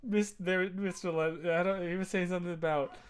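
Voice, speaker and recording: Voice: medium pitch, fairly even intonation, brisk, smooth. A streamer in their thirties chatting casually on a live stream, reading chat and rambling with many fillers and restarts.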